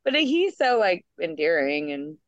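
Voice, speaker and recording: A woman co-host in casual chat, agreeable and quick to laugh. Her voice is lively and bounces across a wide range. The recording is dry and slightly dull, as if from a modest home mic. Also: fairly low pitch, dry recording. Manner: agreeable, laughs easily, quick back-and-forth replies. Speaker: podcast co-host discussing a TV episode.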